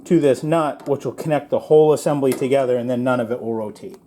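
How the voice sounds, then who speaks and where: A man's voice: medium pitch, fast, mellow. A middle-aged man hosting a welding vlog, talking casually and laughing often as he calls his viewers guys. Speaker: YouTube welding channel host. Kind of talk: casual how-to vlog and storytelling. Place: partly outdoors in strong wind.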